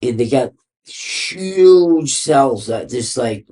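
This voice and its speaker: Slow and expressive, this Boston-area man has a warm, mid-range voice. As a podcast guest in a casual interview, he tells his story in a rambling, profane way, leaning heavily on "like" and "you know."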